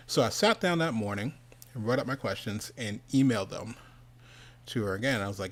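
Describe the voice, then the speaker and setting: A middle-aged man spins a loose, casual story as the host of an online event, interrupting himself constantly and breaking into chuckles. He acts out the people in it with quick shifts of voice. His pitch sits in an ordinary middle range. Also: animated. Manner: rambling, self-interrupting, laughs often, quotes people in changing voices. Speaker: host of an online animation summit.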